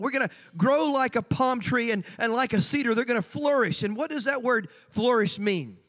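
A woman's voice: a little high, fairly bright tone, long reverb tail. A woman pastor preaching a sermon in a church sanctuary, conversational, with joking asides to the congregation.

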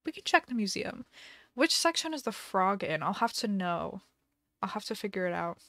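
A woman's voice: mid-range voice, very animated, moderate pace, a bit bright, no room sound. A young woman live-streaming a video game, chatting casually with a giggly, dramatic manner and mock panic.

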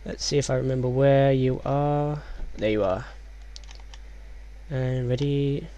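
A man doing let's play commentary in a hushed, low voice, rambling and reading game text aloud. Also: fairly even intonation, slow pace, long pauses, slight background noise.

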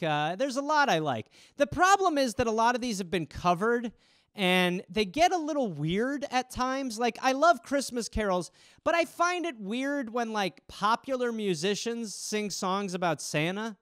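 A man's voice: high-pitched, clear, resonant tone, dry recording, clean studio sound. A man in his thirties hosting a podcast, telling stories in a casual monologue with lots of swearing and acted-out quotes. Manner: profane, animated, acts out quoted voices. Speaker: podcast host.

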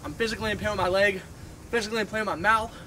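A man's voice: high voice, fairly even intonation, very fast, pushed and bright, slight background noise, rough recording. A young man hosting a casual vlog, complaining playfully about sore muscles and a mouth burning from hot sauce. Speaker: YouTuber host.

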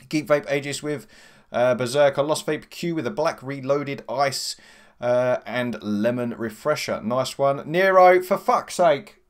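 A man hosting a casual live stream, swearing freely as he greets chat viewers by name from his home computer on a desk microphone. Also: on the high side. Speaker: livestream host. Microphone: desk USB microphone.

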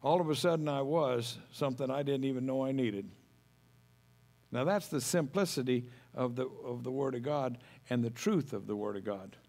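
A man's voice: medium pitch, normal speed, a little mellow. A middle-aged man preaching a sermon as pastor, folksy and homespun, telling stories with humor.

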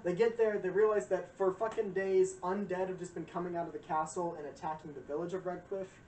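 A man's voice: high-pitched, steady tone, brisk, darkish tone. A man casually recapping a story to friends, rambling and profane, often laughing. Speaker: lecturer recapping a game. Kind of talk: casual group chat. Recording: roomy distant mic with faint noise.

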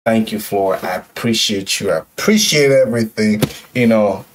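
A man's voice: lowish voice, normal speed, far from the mic, a little hiss or hum. A young man hosting a music reaction video, emotional and repetitive, with lots of yo and like. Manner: emotional, repeats phrases, says yo and like. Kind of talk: casual reaction commentary.

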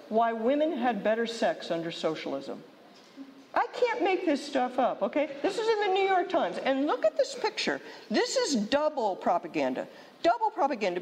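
Middle-aged woman, conference speaker, emphatic rhetorical delivery, mid pitch, long hall reverb. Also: a little mellow. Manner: emphatic, rhetorical, frequent "okay?" check-ins. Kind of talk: conference talk. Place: seminary hall.

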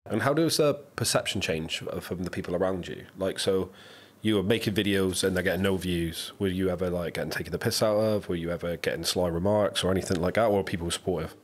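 A man hosting a podcast, asking questions in a relaxed, matey way. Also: low voice, fast. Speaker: podcast host. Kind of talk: casual podcast chat.

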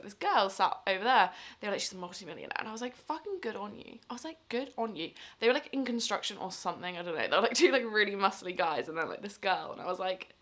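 A woman's voice: medium pitch, a bit bright. A woman in her twenties chatting casually to camera in a rambling, chatty way. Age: 20s. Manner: rambling, lots of fillers. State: drunk and tired late at night. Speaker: vlogger.

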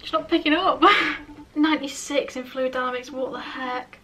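A young woman talks straight to camera in a casual vlog, emotional and gushing. Her voice sits a little high and sounds very bright. She is a bit back from the mic, with a faint hum of room noise behind her. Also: fairly even intonation, normal speed, recorded from a distance. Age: young adult. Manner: emotional, gushing, repeats "literally". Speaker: vlogger. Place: upstairs room at home.

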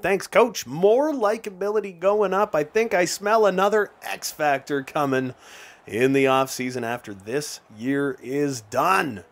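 A young man giving casual, excited commentary on his own hockey video game, calling the plays and chatting straight to his viewers. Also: on the high side, unhurried. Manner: play-by-play calling with bursts of excitement and laughs. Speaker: gaming YouTuber.

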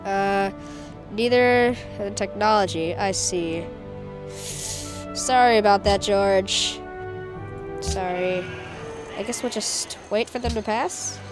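A woman hosting a gameplay video with casual commentary, excitable and jokey, talking to her game units. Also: medium pitch, slow, long pauses, music in the background. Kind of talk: casual let's-play commentary.

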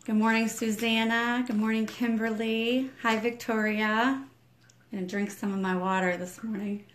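A woman's voice: fairly high pitch, flat delivery, moderate pace, a little hiss or hum. A woman leading an early-morning prayer livestream from home on her phone, chatty with viewers and fervent in prayer, her voice cracking slightly. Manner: talking quietly at first. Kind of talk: casual livestream greetings and spoken prayer.

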